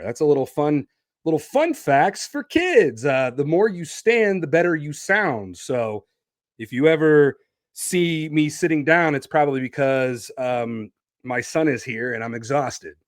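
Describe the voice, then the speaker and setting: A man hosting his own podcast, talking casually while standing and moving around, with an energetic, promo-style delivery. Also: mid-range voice, no echo, clean studio sound. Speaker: podcast host.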